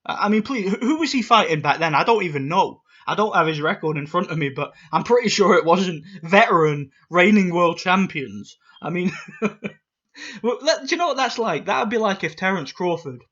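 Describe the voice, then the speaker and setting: A man's voice: sits high, lively intonation, moderate pace, a bit bright. Swearing, ranting man on a lo-fi mic. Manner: swears often, stammers and repeats words. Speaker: boxing YouTuber. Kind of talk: casual ranting vlog.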